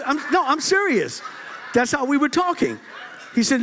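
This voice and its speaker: A middle-aged man preaching a sermon, lively and joking, often laughing as he talks. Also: very high voice, moderate pace, a little hiss or hum. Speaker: pastor.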